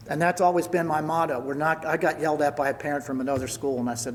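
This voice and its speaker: A man's voice: a little high, steady tone, fast, hardly any pauses, in a large hall. An older man, a retiring hockey coach, giving a storytelling speech at a party and thanking people by name. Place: large event hall.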